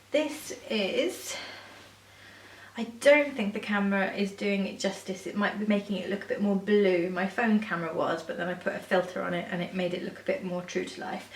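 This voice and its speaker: A woman's voice: medium pitch, distant mic, a little hiss or hum. A woman, chatting casually to camera as a sewing vlogger, rambling with fillers and self-corrections and gushing when she shows things off. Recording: echoey room, a bit off-mic.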